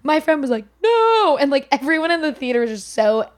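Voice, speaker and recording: A woman co-hosting a podcast, telling rambling, lively anecdotes and acting out what people said. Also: sits high, fast. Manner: lively, rambling, acts out quotes. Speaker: podcast co-host. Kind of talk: casual storytelling.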